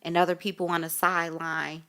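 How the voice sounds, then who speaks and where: A woman's voice: lowish voice, flat delivery, fairly quick, bright, forceful tone. A woman co-hosting a casual podcast, chatty and inclined to explain things at length. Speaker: podcast co-host. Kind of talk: casual chat.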